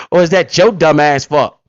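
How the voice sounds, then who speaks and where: A blunt, streetwise man hosting a profane, casual money-talk livestream, with big swings in pitch as he talks. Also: measured pace, no room sound, muffled recording. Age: adult parent. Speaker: livestream host.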